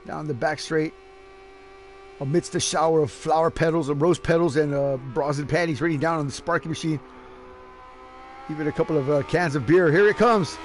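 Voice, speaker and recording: 남자 심레이싱 해설자, 들뜨고 농담 많은 말투, 약간 높은 목소리, 잡음이 뚜렷한 녹음. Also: male voice, fairly high pitch, brisk. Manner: excitable, joking, laughs often. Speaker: race commentator. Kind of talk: casual sim racing commentary. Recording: noisy background.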